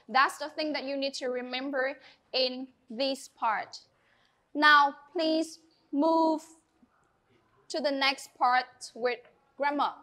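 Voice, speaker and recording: Bright, high-voiced woman teacher. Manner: encouraging, clear and instructive. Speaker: English teacher. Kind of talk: classroom teaching. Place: classroom.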